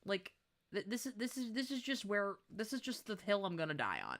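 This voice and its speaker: A young adult woman chatting casually on a livestream while she draws, excitable and gushing, laughing often. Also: mid-range voice, a little fast. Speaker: art streamer.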